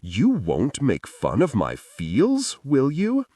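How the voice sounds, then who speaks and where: A gushing, tipsy young man, voiced by a male audiobook narrator, all giddy feels and near tears. His low voice swoops all over as he drags the words out. Dry, close studio sound. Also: wildly swooping pitch, slow, a little mellow, no echo, distant mic, full character voice. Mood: weepy. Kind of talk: audiobook character voice.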